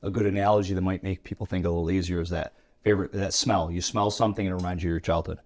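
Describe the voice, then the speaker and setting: A man's voice: low-pitched, steady tone, racing, a little mellow. A man co-hosting a podcast, chatting casually and playfully, reaching for everyday analogies. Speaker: co-host, instructor.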